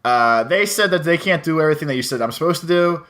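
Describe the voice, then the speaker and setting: Fast, animated ranting young man. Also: fairly high pitch. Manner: ranting, swears a lot, mimics people in quotes. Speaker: podcast co-host. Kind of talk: casual podcast chat.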